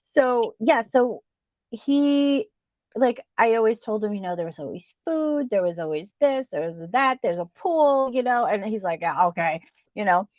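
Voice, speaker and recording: A woman's voice: fairly high pitch, expressive, unhurried, darkish tone, no echo. A middle-aged woman with a New Jersey accent, co-hosting a podcast in casual, rambling chat full of fillers and restarts. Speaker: podcast co-host.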